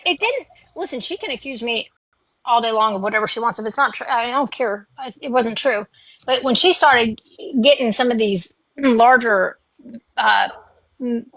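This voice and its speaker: A woman's voice: a little high, a bit bright, no room sound, rough recording. A woman on a livestream, ranting in a heated, profane way. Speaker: livestream guest. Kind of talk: casual chat.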